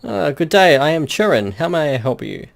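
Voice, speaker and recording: A man's voice: fairly high pitch, sing-song, moderate pace, gravelly, voice pushed up. A man playing a prim, chatty shopkeeper. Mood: courteous. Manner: formal, courteous storekeeper patter. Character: polite male warehouse merchant, stuffy and chatty.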